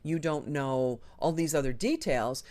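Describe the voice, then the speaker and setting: A woman hosting a live online show, chatting casually and enthusiastically with frequent ums and a lively, swinging delivery. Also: deep voice, unhurried. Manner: chatty and enthusiastic, talks with her hands in the air of her voice, frequent ums. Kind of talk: casual live-stream chat.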